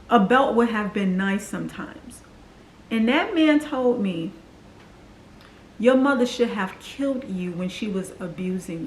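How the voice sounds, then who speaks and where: A woman's voice: fairly high pitch, reverberant, a little hiss or hum, rough recording. Earnest woman in her forties confiding. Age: 40s. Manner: earnest, confiding, acts out quoted voices. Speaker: vlogger. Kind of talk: personal storytelling to camera.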